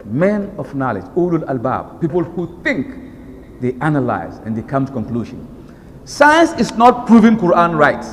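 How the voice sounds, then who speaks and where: Animated Nigerian preacher in a reverberant hall. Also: male voice, a little high, normal speed, slight background noise. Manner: animated, emphatic, switches into recited Arabic verses. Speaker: Islamic preacher. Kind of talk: sermon.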